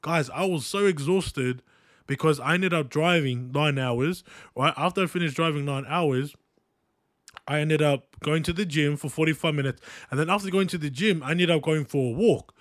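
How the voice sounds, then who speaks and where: A man's voice: fairly high pitch, moderate pace, no echo, studio quality. A young Australian man hosting a podcast, telling a personal story in an earnest, rambling way, often checking in with his listeners. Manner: earnest, repetitive, with frequent "right?" and "guys" asides. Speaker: podcast host. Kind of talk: casual motivational monologue.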